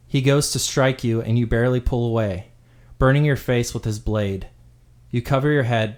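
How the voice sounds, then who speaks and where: A man in his role as game master, narrating a tabletop game backstory with steady, dramatic storytelling. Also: mid-range voice.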